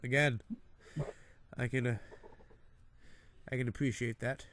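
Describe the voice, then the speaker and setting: A man's voice: medium pitch, little pitch movement, measured pace, a bit bright, a little hiss or hum. A man running a tabletop game over a voice call, talking hesitantly. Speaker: game master.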